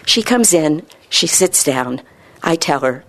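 A woman internist telling a story from her practice, acting out the dialogue with lively quoting. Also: low-pitched, measured pace. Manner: animated, acts out quoted dialogue. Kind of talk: storytelling talk.

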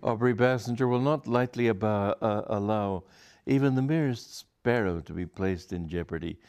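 A man voicing a sanctimonious, scheming young gentleman in a read-aloud comic story, theatrical and preachy. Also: lowish voice, moderate pace, smooth, lightly acted.

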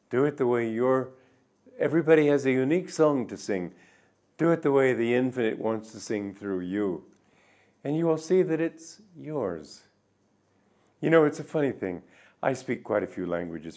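Older man giving a gentle spiritual talk. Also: mid-range voice. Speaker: spiritual teacher.

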